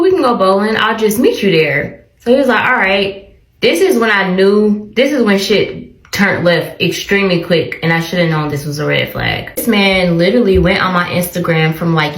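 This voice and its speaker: A young woman casually telling a bad-date story to camera, acting out the lines of both people in an animated way. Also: medium pitch. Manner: animated, acts out both sides of the dialogue. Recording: roomy echo.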